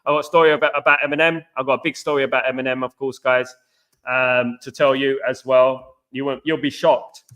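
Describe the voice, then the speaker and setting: A man's voice: mid-range voice, flat delivery, a little fast, fairly bright tone. A middle-aged British man hosting a football channel, chatting casually and rambling to his viewers. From Britain. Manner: rambling, repetitive, addresses viewers as guys. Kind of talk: casual live-stream chat.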